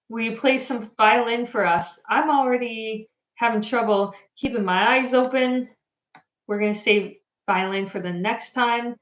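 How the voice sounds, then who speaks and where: A woman's voice: fairly high pitch, fairly bright tone. Tired chatty woman livestreaming in an echoey room. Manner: chatty, laughing, reading out viewer comments. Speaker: livestream host. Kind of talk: casual livestream chat. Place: home in Japan.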